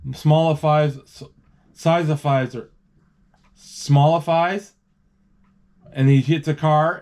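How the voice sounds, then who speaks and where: A man's voice: a little high, mellow. Casual man narrating a movie live. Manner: rambling, stops and restarts, reads out lines. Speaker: movie describer.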